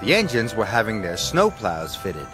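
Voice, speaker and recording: A man reading scripted storybook narration for a children's cartoon, slow and expressive. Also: on the low side, music in the background.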